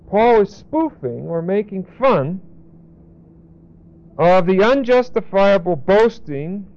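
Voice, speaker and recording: Male Bible teacher, slow and deliberate, fairly high voice, dull lo-fi recording. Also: darkish tone. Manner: deliberate, repeats and spells out key words.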